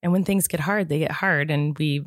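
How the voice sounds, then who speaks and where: A woman co-hosting a casual chat, telling stories in a chatty, animated way. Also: sits low, moderate pace, no room sound, clean studio sound. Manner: chatty, animated storytelling with many "like"s. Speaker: podcast co-host.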